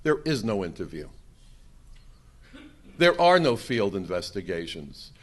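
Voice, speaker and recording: A man's voice: on the low side, very animated, unhurried. An older man speaking to a conference audience, emphatic and fond of rhetorical questions. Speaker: conference speaker, former immigration agent. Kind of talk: conference speech to a live audience. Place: conference room.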